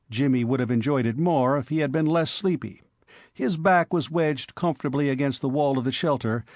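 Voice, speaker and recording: A man narrating a comic novel as an audiobook reader, in a measured, wry manner. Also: mid-range voice, darkish tone, dry recording, clean studio sound. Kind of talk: scripted narration.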